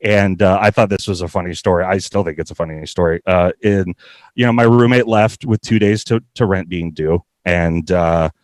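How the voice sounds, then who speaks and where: A man's voice: deep voice, moderate pace, dry recording. A man in his thirties telling a funny story in a loose, casual way, swearing and laughing often.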